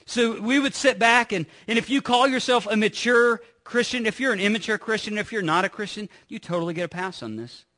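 A man's voice: high voice, fairly quick, hardly any pauses, sharp tone. A middle-aged pastor preaching a sermon in a church, talking with his congregation through anecdotes and rhetorical questions. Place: church sanctuary.

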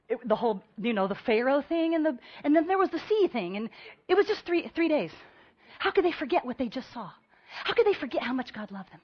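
A woman preaching a sermon, telling stories with lively energy and acting out the voices of the people in them. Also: high voice, fast, dull audio. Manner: animated storytelling, acting out voices of the crowd.

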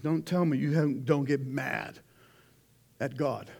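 A man preaching a conversational sermon, swinging between loud outbursts and hushed asides. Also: mid-range voice, measured pace, gravelly. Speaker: pastor.

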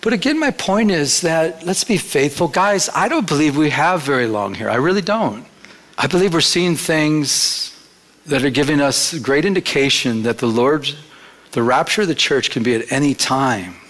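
A man's voice: fairly high pitch, expressive, normal speed, fairly bright tone. A male pastor preaching a sermon in church, in a conversational storytelling manner that slips into acted quotes.

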